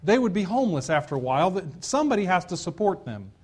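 A man's voice: high-pitched, big pitch swings, fast, a little mellow, breathy edge. Earnest man preaching a sermon. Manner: earnest preaching with repeated emphatic phrases. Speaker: pastor.

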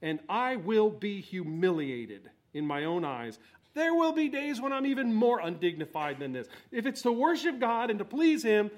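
A man's voice: on the high side, fairly even intonation, brisk, hardly any pauses, natural voice. A preacher voicing an exuberant, defiant biblical king.

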